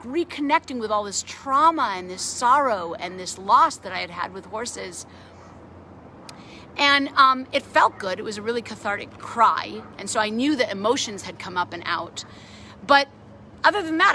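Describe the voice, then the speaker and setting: A middle-aged woman with a bright, clear voice shares a personal story in a relaxed, chatty way. She gets animated as she retells it. Faint outdoor ambience sits behind her. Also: a little high, slight background noise. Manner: animated, grows excited while retelling a story. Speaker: animal sanctuary founder. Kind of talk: casual storytelling testimonial. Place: outdoors at a farm sanctuary.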